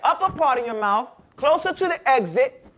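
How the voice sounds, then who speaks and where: High-voiced man drilling letter sounds. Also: expressive, moderate pace, a bit bright. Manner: drills letters aloud, corrects and explains patiently. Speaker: Arabic teacher. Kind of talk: classroom pronunciation drill.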